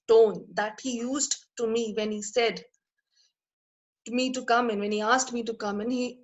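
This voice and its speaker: Lady teacher, kinda high voice, goes over each line again and again. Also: rough recording. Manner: explains slowly, repeating and rephrasing each line. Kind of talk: line-by-line lesson explanation.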